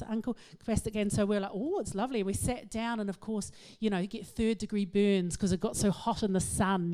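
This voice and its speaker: A middle-aged woman, giving a humorous, self-mocking talk to an audience in an animated storytelling manner. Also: medium pitch, smooth. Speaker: speaker.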